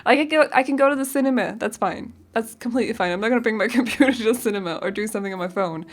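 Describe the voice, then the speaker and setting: A woman's voice: on the high side, rapid-fire. Giggly young woman chatting. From Denmark. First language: Danish. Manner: rambling and giggly, searching for words. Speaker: game builder. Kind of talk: casual voice-over chat.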